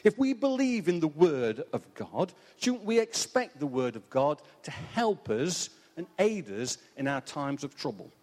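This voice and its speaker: A man with an English accent giving a sermon, telling a joke story and reading scripture with dramatic pauses. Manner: lively, swinging pitch, dramatic pauses. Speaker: church speaker. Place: church hall. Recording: reverberant church hall.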